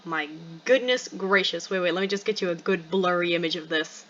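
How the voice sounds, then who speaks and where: Excitable young woman reading a game aloud. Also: on the low side, fairly quick, hardly any pauses, dull audio. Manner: chatty and excitable, with asides. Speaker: game streamer. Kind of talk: reading a visual novel aloud with commentary.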